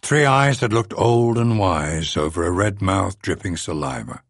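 A man giving a measured, dry first-person audiobook narration into a close studio mic. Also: low-pitched, expressive, dry recording.

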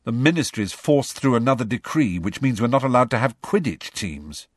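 A man's voice: mid-range voice, big pitch swings, normal speed, no echo, studio quality, pitched above the performer's own voice. A man doing an urgent teenage schoolboy. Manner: urgent, demanding. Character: earnest teenage schoolboy wizard.

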